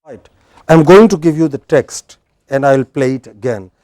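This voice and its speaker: A male teacher talks to his class in a fairly high voice. He is chatty, often restarts sentences and fires questions at the students. The sound is close and dry. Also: normal speed, warm tone, dry recording. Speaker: English teacher. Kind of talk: classroom instruction. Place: indoor classroom.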